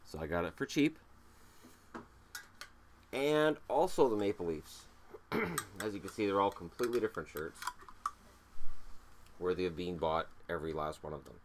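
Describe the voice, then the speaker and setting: A man's voice: low voice, lively intonation, moderate pace, pauses often, a little hiss or hum. A man with a cold, hosting a casual show-and-tell vlog, joking and mocking himself as he counts items aloud. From Canada. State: has a cold. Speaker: hockey video host.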